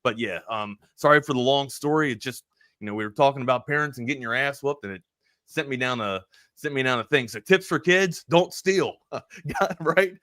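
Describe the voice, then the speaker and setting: Bright-voiced man telling a rambling story. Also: mid-range voice, quick pace, dry recording, clean studio sound. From Maryland. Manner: rambling, animated storyteller with many restarts. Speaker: sports talk radio host. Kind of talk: casual storytelling on a talk show.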